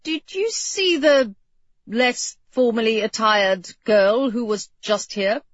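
A woman voicing a flustered, awkward, overly polite young man in a storybook reading, with a husky voice. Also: fairly high pitch, takes it slowly, dry recording. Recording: dull, muffled audio.

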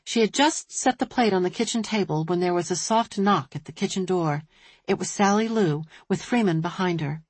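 A woman narrating an audiobook in a measured storytelling manner, recorded close on a studio mic. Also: fairly low pitch, slightly rough, no room sound. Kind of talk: scripted narration.

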